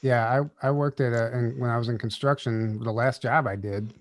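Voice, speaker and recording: A man's voice: medium pitch, normal speed, no room sound. Guy guest on a chat show, easygoing, mid voice, short reactions. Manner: relaxed listener, short reactions. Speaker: podcast guest. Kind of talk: casual chat.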